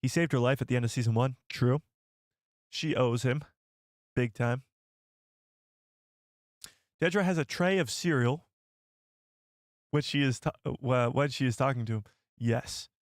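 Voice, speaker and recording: A man's voice: medium pitch, no room sound, studio quality. A young man hosting a casual live stream, chatty and jokey, thinking aloud with fillers as he reads out viewer comments.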